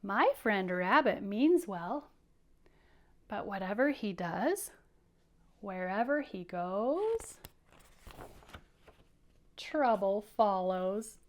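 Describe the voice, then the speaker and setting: A woman voicing a small, worried male mouse from a storybook, speaking slowly and deliberately. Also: high-pitched, a little mellow, pitched above the performer's own voice, close to an everyday voice. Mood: wistful.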